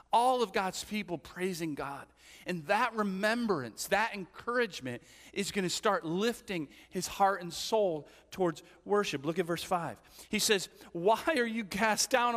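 A man with a mid-range, fairly bright voice preaches a sermon as a pastor in a church hall. He tells stories conversationally, often asking his listeners "right?", and the recording has a long church hall reverb.

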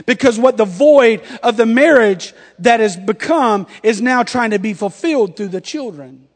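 A man in his thirties preaches a sermon with a strikingly high voice, telling a playful story and acting out every exchange. His words ring out with a long hall reverb behind them. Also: lively intonation, moderate pace. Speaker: pastor.

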